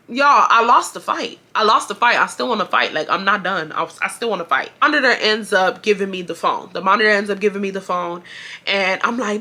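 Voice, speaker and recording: Bright-voiced woman in her twenties. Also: mid-range voice, a little fast. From Houston, Texas. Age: 20s. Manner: animated and profane, acting out shouted quotes. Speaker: vlogger. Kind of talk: casual storytime.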